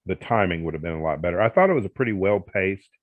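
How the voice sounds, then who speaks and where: A man with a very low voice co-hosts a podcast, making his points in an emphatic, opinionated way. His audio is narrow and phone-like. It is recorded dry, with no room sound. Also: animated, fast talker, dry recording. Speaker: podcast co-host. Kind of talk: casual chat.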